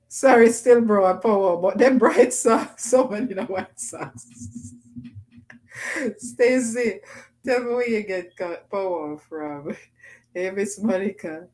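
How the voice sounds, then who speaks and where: A woman's voice: medium pitch, darkish tone, poor audio. Chatty woman hosting a livestream. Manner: chatty, laughs often, Jamaican patois phrasing. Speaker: livestream host. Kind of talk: casual livestream chat, reading comments aloud.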